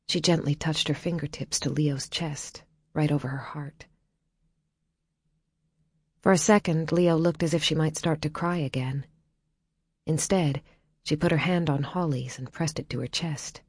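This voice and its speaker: A woman narrating an audiobook in a quiet, measured storytelling way. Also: sits low, fairly even intonation, husky, no room sound, clean studio sound.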